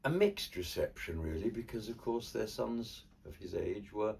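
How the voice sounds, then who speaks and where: A man's voice: fairly low pitch, animated, normal speed, creaky, a little mellow. An older man from Cornwall, an artist and ventriloquist, telling stories in a theatrical, wry way during a casual chat. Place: indoors in his home studio. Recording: distant mic, faint room ambience.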